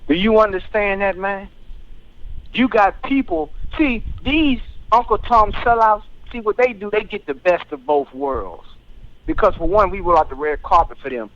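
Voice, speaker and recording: Fiery high-voiced man on talk radio. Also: expressive, normal speed, muffled recording. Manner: fiery, preachy, keeps asking "you understand?". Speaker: radio talk show host. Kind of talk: heated political commentary.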